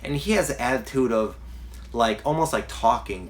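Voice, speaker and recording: A man's voice: mid-range voice, animated, moderate pace, a little hiss or hum. A man giving a casual self-help talk as a spiritual coach, earnest and rambling, with frequent restarts.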